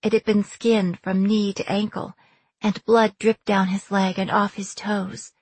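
Husky-voiced woman narrating a story. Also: mid-range voice, level tone, measured pace, a little mellow, no echo. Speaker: audiobook narrator. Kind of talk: first-person fantasy narration.

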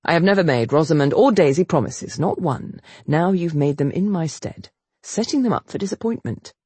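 A woman reading the part of a stubborn, feverish young nobleman, gruff and clipped, pitching her voice lower. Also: expressive, normal speed, darkish tone, no echo. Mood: accusing. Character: stubborn feverish duke's heir, young man, angry.

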